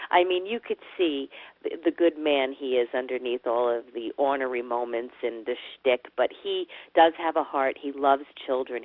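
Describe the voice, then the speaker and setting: A woman's voice: rumbling low, no echo. A woman from New Jersey, a former radio personality, chatting as a guest and laughing easily. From New Jersey, USA. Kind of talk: phone-in interview chat. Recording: tinny phone line, dry.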